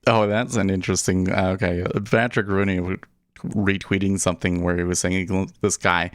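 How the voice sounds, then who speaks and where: This deep-voiced man talks briskly with a flat delivery, recorded cleanly and dry in a studio. He's hosting a livestream about day trading, riffing casually, thinking aloud while working his screens, and laughing with an easy, joking looseness.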